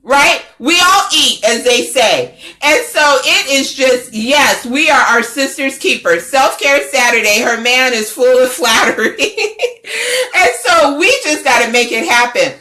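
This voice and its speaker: A woman's voice: sits high, lively intonation, unhurried, bright, forceful tone. A middle-aged woman, a network founder and coach, giving a fervent, preachy livestream pep talk that repeats its phrases. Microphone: phone or webcam livestream.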